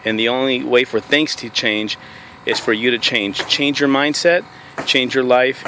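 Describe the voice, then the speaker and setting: Upbeat network marketing guy in his car, bright punchy voice, faint engine hum behind. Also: medium pitch, unhurried. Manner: energetic storytelling, slips into quoting himself. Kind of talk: motivational talk to camera.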